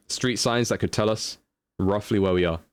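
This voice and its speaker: A man's voice: fairly low pitch, a little slow, no room sound. A young man streaming live, chatting casually as he thinks aloud through a guessing game and answers his chat.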